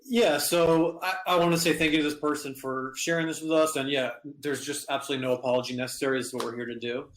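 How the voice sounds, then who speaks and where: A man's voice: a little high, fairly even intonation, quick pace. A male therapist talks on a podcast, earnest and direct, with frank urging advice. His voice carries a roomy echo around it. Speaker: therapist guest. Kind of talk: casual podcast talk.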